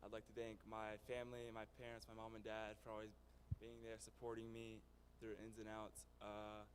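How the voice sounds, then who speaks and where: A man's voice: fairly low pitch, completely flat delivery, normal speed, slight background noise. A teenage boy, a student athlete, steadily listing his thanks to coaches and family. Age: teens. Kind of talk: thank-you speech.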